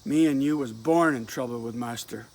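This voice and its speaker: A man's voice: medium pitch, moderate pace, a little mellow, voice pushed down, lightly acted. A man voicing a bold, restless nineteen-year-old who teases and reassures his sweetheart, in a dramatic reading of a play with rural dialect. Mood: defiant, wistful. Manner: teasing, confident, rural dialect.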